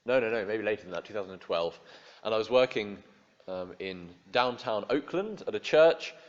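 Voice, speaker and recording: A low-pitched man delivers a sermon in an easygoing, wry, conversational way. He often stops and restarts, with frequent fillers. The recording is muffled and lo-fi. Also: lively intonation, normal speed. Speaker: preacher.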